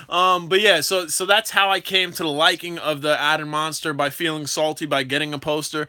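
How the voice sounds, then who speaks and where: A young man hosts a casual drone livestream, chatting with his viewers. He talks in a hyper, animated, slangy way. His voice sits a little high and comes across bright and forceful. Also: normal speed.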